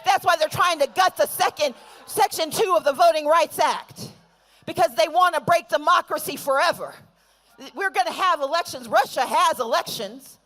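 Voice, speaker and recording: A woman speaking at a rally, leading call-and-response chants that build to shouts. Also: sits high, moderate pace. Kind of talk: fiery political rally speech.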